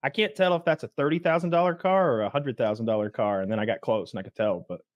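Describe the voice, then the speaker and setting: A man's voice: mid-range voice, fast talker, dry recording, lo-fi sound. A man co-hosting a podcast, chatty and filler-heavy, swearing freely in casual chat. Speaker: podcast co-host.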